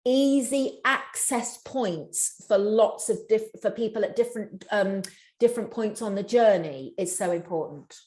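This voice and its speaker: A brisk, fast-talking woman explains how to handle a sensitive workplace conversation, breaking off and restarting her sentences as she goes. Her medium-pitched voice rings in an echoey room. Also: darkish tone. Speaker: workplace mental health speaker. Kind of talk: live webinar answer to a question.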